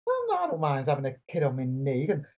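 A man's voice: on the high side, huge pitch swings, fairly quick. Blunt man, lo-fi. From England. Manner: blunt, earthy storytelling with British slang. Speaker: podcast co-host. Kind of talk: casual chat.

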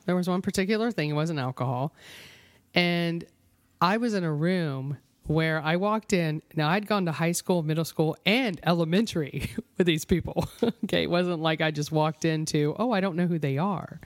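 A woman co-hosting a radio show, chatting casually on air and telling stories in an emphatic, animated way. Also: sits low, moderate pace, no room sound, studio quality.

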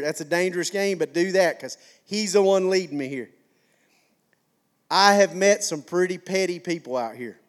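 Folksy pastor, tenor-high voice, chatty preaching style. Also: male voice. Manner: folksy, conversational preaching with repetition. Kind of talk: sermon.

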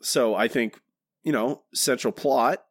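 A man's voice: medium pitch, slow, no echo. A man co-hosting a podcast, talking casually and rambling with frequent restarts. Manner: rambling, many restarts, animated. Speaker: podcast co-host.

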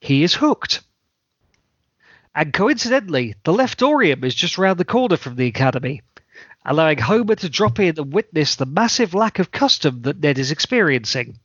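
Guy doing a podcast recap, semi-deadpan but bouncy pitch, dry dull lo-fi sound. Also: normal speed, husky, no room sound. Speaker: podcast host. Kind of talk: scripted episode recap.

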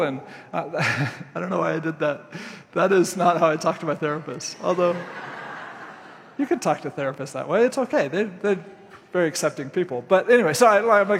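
A man with a slightly high voice delivers a candid, conversational sermon, slipping into acted-out exchanges. His voice carries a long reverb, as if in a large hall. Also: normal speed. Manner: candid, conversational, acts out dialogue with animated shifts. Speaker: pastor.

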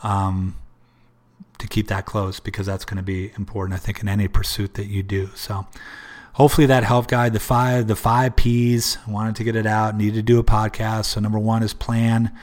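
A man's voice: on the low side, flat delivery, moderate pace, a little mellow. A man hosting a solo motivational podcast, earnest and repetitive, with many restarts, talking about prayer and faith. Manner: religious, speaks of prayer. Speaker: podcast host.

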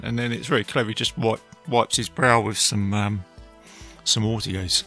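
Gravelly, bright-voiced man recapping films. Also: fairly low pitch, fairly even intonation, soft background music. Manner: chatty, enthusiastic, slips into quick impressions of film lines. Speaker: film reviewer. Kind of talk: casual film recap.

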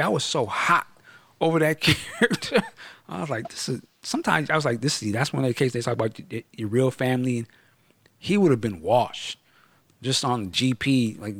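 A man's voice: medium pitch, a little fast, slightly rough, no room sound. A man hosting a podcast, talking casually and animatedly about a film, using slang and acting out what characters say. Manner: animated, slangy, acts out quotes. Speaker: podcast host reviewing a film. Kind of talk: casual movie review chat.

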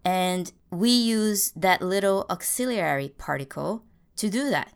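A woman's voice: mid-range voice, measured pace, vocal fry, clear, resonant tone. A woman hosting a podcast English lesson, explaining grammar with little acted stories, speaking English as a Portuguese speaker. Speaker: English teacher, podcast host.

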